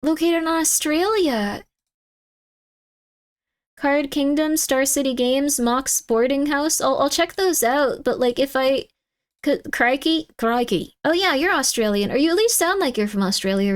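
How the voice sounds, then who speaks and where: A woman's voice: animated, moderate pace. Exasperated, rambling young-sounding woman streamer. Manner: exasperated, rambling, jumps in pitch. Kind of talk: casual live-stream chat.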